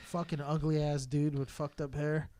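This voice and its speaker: A man's voice: a little high, little pitch movement, normal speed, mellow. A man from Southern California co-hosting a podcast, ranting in a heated, rambling, profane way. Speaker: podcast co-host. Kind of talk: casual podcast rant.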